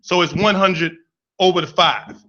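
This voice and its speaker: A man telling comic personal stories in a playful, animated way, acting out the people in them. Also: sits high, a little slow, highs cut off. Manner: animated, playful, acts out voices in his stories. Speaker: storyteller.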